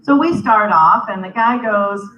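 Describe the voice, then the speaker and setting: A woman's voice: medium pitch, animated, measured pace, a crowd in the background. A woman giving a humorous banquet speech, telling a story and acting out the other people's lines. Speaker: banquet speaker. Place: convention banquet hall. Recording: roomy, distant, slightly dull hall recording.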